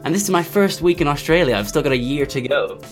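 A man's voice: a little high, animated, fast. A man guesting on a show as a comedian, joking about himself and stumbling a little over his words. Faint music sits under his voice. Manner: self-deprecating, hesitant with fillers. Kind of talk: casual interview talk.

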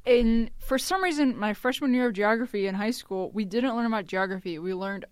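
A woman co-hosting a casual chat podcast, giggling often and jumping into loud squeals. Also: a little high, fairly quick, clear, resonant tone, no room sound, clean studio sound. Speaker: podcast co-host.

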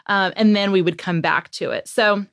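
A woman's voice: medium pitch, normal speed, creaky, no room sound. Woman, podcast guest, parenting author, chatty storytelling, dry close sound. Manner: lively storyteller who acts out what she and her kids said; conversational, with fillers and laughs. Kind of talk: podcast interview.

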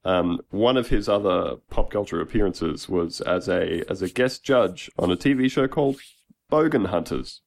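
A man's voice: deep voice, lively intonation, moderate pace, gravelly. An Australian man hosting a podcast in a jokey, casual way. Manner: jokey, laughs often. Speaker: podcast host.

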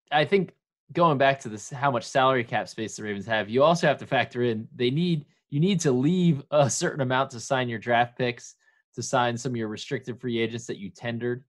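Man, mid-range voice, joking podcast co-host in casual sports chat. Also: mid-range voice. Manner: jokey, playful banter.

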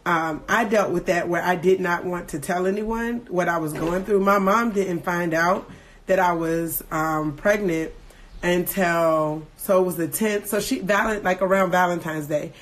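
A woman in her thirties, emotional and earnest, candidly telling a personal story to her viewers with many pauses and restarts. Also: fairly low pitch, slight background noise. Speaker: livestream host sharing a personal story.

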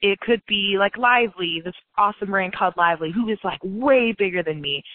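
A woman's voice: mid-range voice, a little fast, no echo. Woman, founder guest, rambling casual talker; tinny, dry phone-line sound. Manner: chatty, many "like"s and "you know"s, laughs often. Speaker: company founder and CEO, guest. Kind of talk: casual interview chat.

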